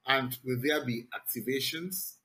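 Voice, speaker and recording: A man hosting, asking a guest questions in an unhurried, hesitant way. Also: mid-range voice, sharp tone, low-quality recording. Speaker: host. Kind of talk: interview questions.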